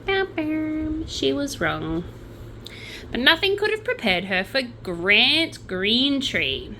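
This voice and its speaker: A woman's voice: a little high, big pitch swings, takes it slowly, sharp tone, slight background noise, poor audio. A young Australian woman hosting a true crime channel, telling the story in a casual, chatty way with sardonic asides.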